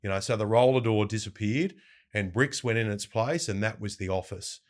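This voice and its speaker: Middle-aged Australian man, deeper register, animated anecdotal interview guest. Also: moderate pace. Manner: lively anecdotes, mimics quoted voices. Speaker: breakfast radio host, guest. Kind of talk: casual storytelling interview.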